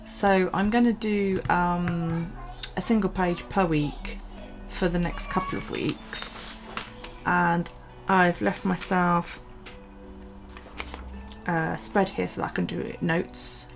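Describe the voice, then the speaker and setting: A woman's voice: lowish voice, steady tone, slow, vocal fry, long pauses, soft background music. A woman from the UK, chatting casually in her vlog, tired and yawning, rambling with many ums and restarts. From United Kingdom. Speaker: vlogger. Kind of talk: casual chat over a journaling video.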